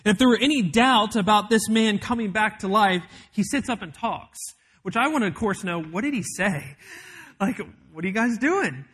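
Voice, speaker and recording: A man preaching a sermon as pastor, telling a story with emphatic build-ups and dramatic pauses. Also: high voice, fairly bright tone, slightly rough.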